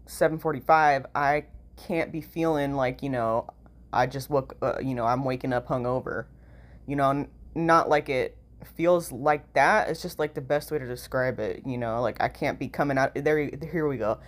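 A woman's voice: extremely low pitch, moderate pace. Tired, nasal woman rambling. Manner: rambling, peppered with "like" and "you know", swears freely. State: tired from lack of sleep. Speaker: vlogger. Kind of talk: casual vlog monologue.

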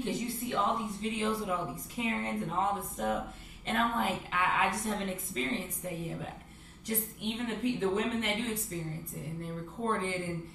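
A woman's voice: mid-range voice, fairly bright tone. A woman in a casual podcast chat, rambling and agreeing with the others. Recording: echoey, off-mic with faint background noise.

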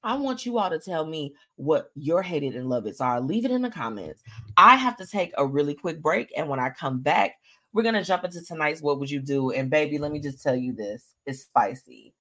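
A woman's voice: sits low, moderate pace. A woman hosting a live stream show, chatting casually and animatedly with viewers and reading out their comments. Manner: animated, chatty, laughs often, reads comments aloud.

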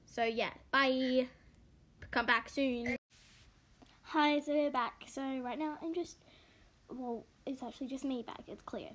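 A woman's voice: sits high, takes it slowly, long pauses, fairly bright tone. A young Australian woman chatting casually on a video call, rambling with lots of fillers and giggles. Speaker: podcast co-host. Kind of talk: casual chat.

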